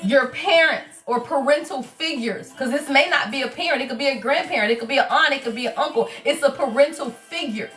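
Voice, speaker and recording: A high-pitched woman with a bright, sharp tone, talking animatedly through a livestream tarot reading. She preaches to her viewers and keeps asking "right?" Her voice sounds a little far from the mic, with faint music underneath. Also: a little fast, hardly any pauses. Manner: animated and preachy, with many repeated "right?" and "y'all" asides. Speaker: tarot reader and spiritual advisor.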